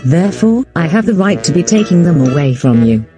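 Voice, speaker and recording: A woman's voice: on the low side, big pitch swings, fairly quick, music in the background. A text-to-speech woman's voice playing a strict adult woman who lectures and scolds in long repetitive lists. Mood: exasperated. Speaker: animated character.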